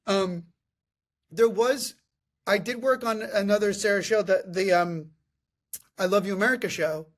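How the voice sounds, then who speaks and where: Man, high voice, casual comedic storyteller, laughing, animated. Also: unhurried, pauses often. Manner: animated, laughs through stories. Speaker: podcast host.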